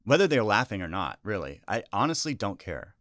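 A man's voice: fairly low pitch, big pitch swings, brisk, a bit bright, no echo, studio quality. An American man, a stand-up comedian, talking casually and earnestly about his craft, often restarting his sentences. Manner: rambling, self-interrupting, earnest. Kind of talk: casual podcast chat.

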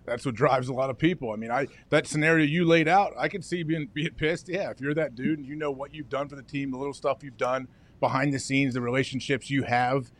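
A man co-hosting a sports talk show who explains his points in a relaxed way, with plenty of fillers. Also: mid-range voice, brisk. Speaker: co-host, former football player.

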